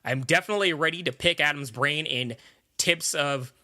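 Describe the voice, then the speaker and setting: A man co-hosting a podcast, telling stories in an animated, self-deprecating way. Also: fairly high pitch, normal speed. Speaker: podcast co-host. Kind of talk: casual podcast chat.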